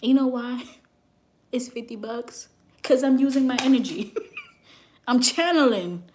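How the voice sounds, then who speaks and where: A young woman who works as a psychic reader, telling a story to her viewers in a brash, animated way and swearing freely. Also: on the high side, slow pace.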